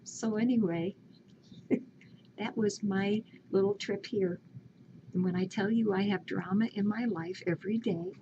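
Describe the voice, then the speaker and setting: A woman's voice: mid-range voice, fairly even intonation, measured pace, noisy background. A woman animatedly retelling a story in casual chat, laughing often. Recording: lo-fi home video with faint ambience.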